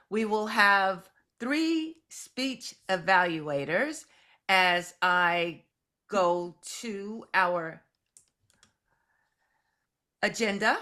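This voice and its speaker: A woman with a bright, clear voice leads part of an online meeting on a video call. She speaks slowly and formally as she calls speakers up. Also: medium pitch. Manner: measured, formal introductions. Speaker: meeting facilitator. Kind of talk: hosting a club meeting segment.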